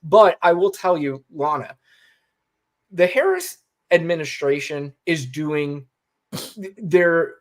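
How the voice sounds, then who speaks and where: A man's voice: on the high side, lively intonation, slow, long pauses. A man co-hosting a casual political commentary show, blunt and swearing, reading quotes aloud. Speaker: co-host.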